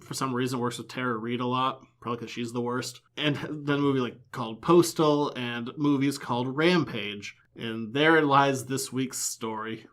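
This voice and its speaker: A man co-hosting a pop culture podcast, chatting casually in a sarcastic, animated way. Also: mid-range voice, normal speed, hardly any pauses. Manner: animated, sarcastic, reads quotes aloud with mocking emphasis. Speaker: podcast co-host. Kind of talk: casual chat.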